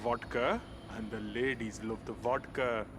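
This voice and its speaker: An actor playing a cheeky young man who jokingly talks his friend into a night of drinking, with lively banter. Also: mid-range voice, a little slow, lightly acted. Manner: jokey, persuasive banter. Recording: game audio with clear background noise.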